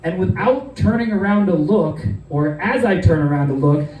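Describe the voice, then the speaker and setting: A man's voice: sits high, animated, normal speed, roomy sound, distant mic, highs cut off. A man telling a loose, profane comedic story, rambling along with plenty of fillers.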